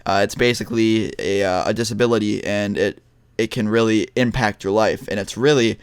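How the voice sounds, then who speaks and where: A man's voice: on the low side, steady tone, fairly quick, smooth, no echo, studio quality. Young man telling a story, swearing bluntly. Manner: blunt, heavy swearing, many restarts. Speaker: vlogger. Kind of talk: casual storytelling to camera.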